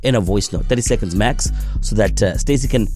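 A man's voice: fairly low pitch, fairly quick, darkish tone, faint music behind. A man with a South African accent hosting a radio show, joking and teasing in casual banter. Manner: playful, teasing, laughs often.

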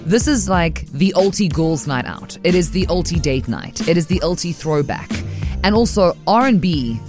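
A woman co-hosting a breakfast radio show, talking in a brisk, playful, persuasive way. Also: on the low side, lively intonation, music in the background. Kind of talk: casual radio banter.

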